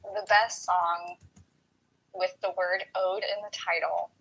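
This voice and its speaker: Husky, dry-teasing woman friend. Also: lowish voice, little pitch movement, slow pace, a bit bright, poor audio. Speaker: friend joining the stream. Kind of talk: casual chat.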